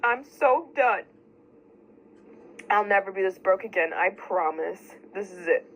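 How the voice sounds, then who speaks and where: A woman's voice: mid-range voice, animated, unhurried, a bit bright, a little hiss or hum, poor audio. A woman in her thirties, crying and distressed, venting about money to the camera. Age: 30s. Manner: distressed, breaking up. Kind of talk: emotional vent to camera.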